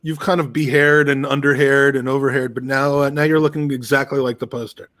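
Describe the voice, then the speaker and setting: A man's voice: mid-range voice, little pitch movement, brisk, fairly bright tone, no room sound. A man in casual podcast chat, dry and self-mocking, groggy from being unwell. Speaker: podcast co-host.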